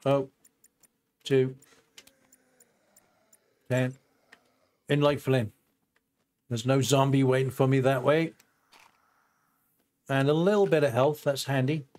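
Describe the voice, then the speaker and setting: A man's voice: medium pitch, steady tone, slow, long pauses, darkish tone. Older man narrating his gameplay. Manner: chatty, thinks aloud with fillers and asides to viewers. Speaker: gameplay host. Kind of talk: casual let's-play commentary.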